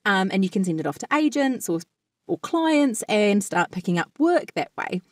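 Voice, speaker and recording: A woman with a New Zealand accent co-hosting a podcast, chatty and quick to laugh, explaining things at length. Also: mid-range voice, sing-song, dry recording, studio quality. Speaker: podcast co-host. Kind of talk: casual chat and explanation.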